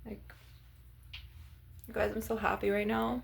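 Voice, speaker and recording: A woman's voice: fairly high pitch, fairly even intonation, measured pace, creaky, a little hiss or hum. A young woman vlogging casually to her viewers, rambling with lots of "like" and "you guys" as she shows off her crystals. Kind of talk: casual chat to camera.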